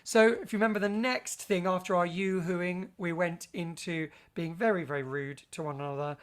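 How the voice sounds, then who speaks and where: A man's voice: high-pitched, fairly even intonation, normal speed. A man leading a vocal health workshop for teachers, chatty and playful with theatrical asides.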